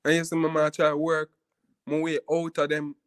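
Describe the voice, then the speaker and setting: A man's voice: fairly high pitch, completely flat delivery, normal speed, clear, resonant tone, no echo. Man rambling through a personal story. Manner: rambling, repeats "you see me" often; frequent laughs and restarts while telling. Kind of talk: casual storytelling monologue.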